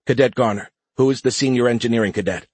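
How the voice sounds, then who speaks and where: A man voicing a decisive female army officer in a brisk, commanding tone. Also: medium pitch, a little mellow, breathy edge, dry recording, close to an everyday voice.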